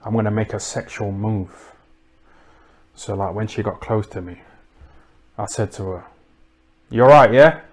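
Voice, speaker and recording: Deadpan crude man, low voice. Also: a little slow, pauses often, breathy edge. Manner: deadpan, crude and mocking, full of tag questions. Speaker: comedic livestream host. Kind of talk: rambling comic monologue.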